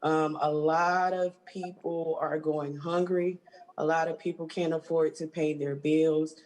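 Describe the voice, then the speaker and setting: A woman from Georgia, a union stage hand, speaking haltingly and emotionally on a video call. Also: low voice, little pitch movement, a little mellow, rough recording. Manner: halting, emotional, with many restarts.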